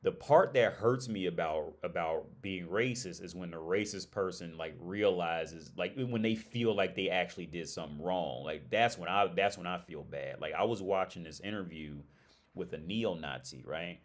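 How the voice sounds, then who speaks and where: A man's voice: low-pitched, moderate pace. A man hosting a casual livestream chat, rambling and restarting his phrases as he talks to viewers. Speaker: livestream host. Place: living abroad in Prague.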